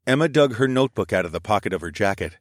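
A man reading a first-person story aloud, expressive and sometimes dropping to a whisper. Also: on the low side, very fast, no echo. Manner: expressive, shifts into whispers for dialogue. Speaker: audiobook narrator.

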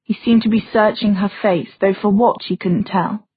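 A woman reading fantasy fiction aloud as an audiobook narrator, in a steady, even storytelling manner. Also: medium pitch, moderate pace, husky, dry recording. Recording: dry, phone-like narrow sound.

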